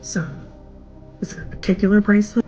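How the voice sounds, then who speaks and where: A woman speaking sarcastically and deliberately in a social media video. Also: mid-range voice, steady tone, mellow, muffled recording, faint music behind.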